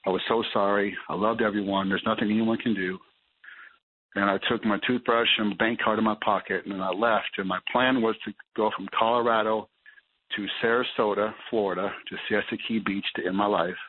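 A man telling his personal recovery story as a guest, in a halting way that repeats words as he restarts. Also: on the low side, fairly even intonation, a little hiss or hum. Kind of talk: personal testimony. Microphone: phone call. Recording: tinny phone line.

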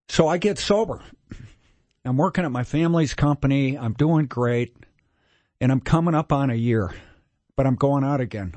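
A man's voice: mid-range voice, dry recording. Candid older man telling his story. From Minnesota, USA. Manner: candid, self-mocking, animated storyteller. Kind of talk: casual storytelling.

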